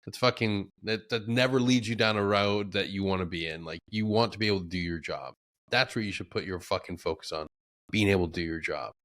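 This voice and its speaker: Man, podcast host, fairly low voice, swears a lot, animated storytelling. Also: brisk. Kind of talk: casual chat.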